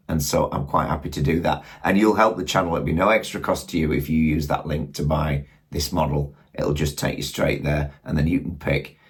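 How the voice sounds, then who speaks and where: Man, Yorkshire accent, middle-aged, deep voice, chatty casual review, rambling. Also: slightly rough. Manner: chatty, rambling, asks viewers questions. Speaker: model railway channel host. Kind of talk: casual product review talk.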